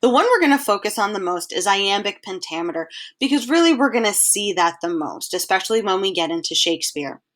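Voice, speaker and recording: A woman teacher giving a recorded slideshow lesson, explaining each point patiently and reading verse aloud slowly. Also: mid-range voice, expressive, fairly bright tone. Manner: clear, patient explaining, reads poem lines aloud in a slow measured way.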